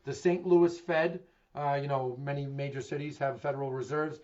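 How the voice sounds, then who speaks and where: A man's voice: medium pitch, fairly even intonation, moderate pace, darkish tone. A middle-aged man with a Boston accent gives a candid real estate market update, asking himself questions and answering them emphatically. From Massachusetts. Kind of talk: direct-to-camera market commentary. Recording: dull lo-fi recording.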